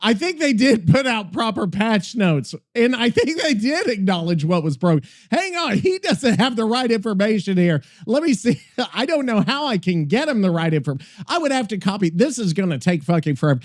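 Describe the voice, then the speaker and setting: A man's voice: high voice, big pitch swings, normal speed. A man hosting a gaming podcast, ranting animatedly and swearing a lot as he acts out characters in a casual style. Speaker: podcast host.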